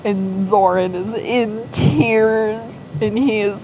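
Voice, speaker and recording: Slow, rambling woman telling a story. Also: mid-range voice, fairly even intonation, dark tone, a little hiss or hum, poor audio. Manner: rambling, full of "like" and quoted voices. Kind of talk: casual fan storytelling.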